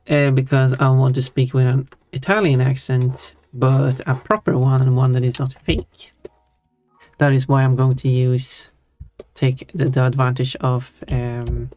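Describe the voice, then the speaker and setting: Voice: medium pitch, little pitch movement, slow pace, a little mellow. A streamer with a Swedish accent chatting casually on a live stream, thinking aloud and answering chat. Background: faint background music.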